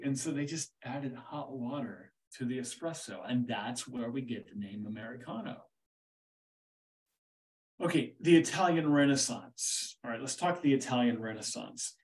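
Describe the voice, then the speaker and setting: Man, teacher, casual rambling monologue, fairly high voice, slightly distant from the mic. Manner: animated, rambling, full of "right?" and "okay". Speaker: teacher hosting a history podcast.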